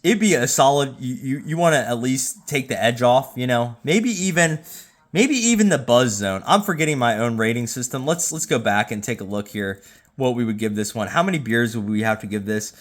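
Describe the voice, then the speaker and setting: Talking into his phone at home, a tipsy YouTube host from Jacksonville, Florida, gives casual rating commentary. He rambles, repeats himself, and stumbles over words, speaking fairly quickly at a middle pitch, with his casual tone sometimes bursting into loud, excited outbursts.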